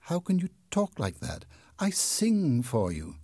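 A man's voice: a little high, sing-song, a little slow, mellow, dry recording, voice pushed up, heavily acted. A nervous young woman singer pleads in a lifted, strained voice, as a male narrator puts her on. The delivery is close and dry. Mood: distressed.

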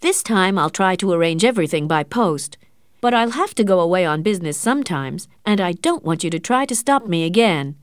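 A woman's voice: fairly low pitch, lively intonation, a little fast, dry recording, studio quality, lightly acted. A woman voicing a cold, calculating young man who speaks curtly. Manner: cold and curt.

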